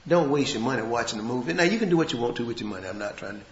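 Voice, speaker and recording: A man preaching a sermon in a folksy way, dropping to a hush and then rising to shouts. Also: mid-range voice, expressive, racing, echoey room, muffled recording. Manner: swings from hushed to shouting, folksy grammar.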